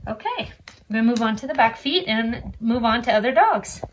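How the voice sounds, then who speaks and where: Chatty high-voiced woman praising her dogs. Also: lively intonation, moderate pace, slight background noise, poor audio. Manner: soft coaxing praise to the dogs, chatty asides to viewers. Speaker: alpaca farmer and channel host. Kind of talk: casual vlog narration while trimming dog nails. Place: indoors with the dogs on a farm.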